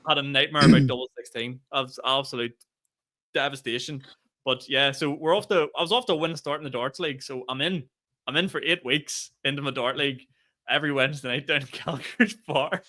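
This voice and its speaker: A young Northern Irish man telling a long, animated story on a casual podcast, cursing freely and laughing as he goes. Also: mid-range voice, a little fast. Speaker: podcast co-host.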